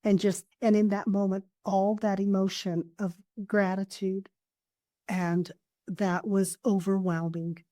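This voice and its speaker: This woman, a therapist and coach, talks unhurriedly in a level, medium-pitched voice on a dry recording. In casual podcast conversation, she earnestly recounts warm, heartfelt anecdotes.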